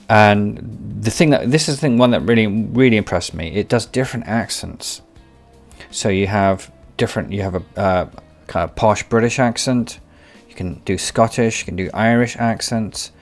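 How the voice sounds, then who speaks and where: A man with a fairly low voice talks through an AI video tool like a tutorial host. He rambles, circles back and repeats himself as he hunts for words. The delivery stays casual and unscripted. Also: moderate pace, faint music behind. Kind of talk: tutorial commentary.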